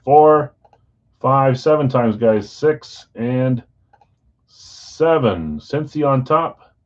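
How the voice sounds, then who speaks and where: A man hosting a live sports card break stream, chatting casually with viewers and reading out team assignments in a relaxed way. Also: medium pitch, extremely slow, lo-fi sound. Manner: relaxed, chatty, talks straight to viewers by name.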